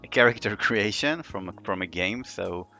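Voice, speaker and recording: A man running a tabletop game as game master, narrating in a relaxed way with many fillers. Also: lowish voice, normal speed, muffled recording, soft background music.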